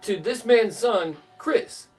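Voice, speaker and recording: A man voicing an exasperated older woman who pleads slowly and insistently with her husband. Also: high voice, expressive, darkish tone, breathy edge, distant mic, faint music behind, voice pushed up, full character voice. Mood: pleading.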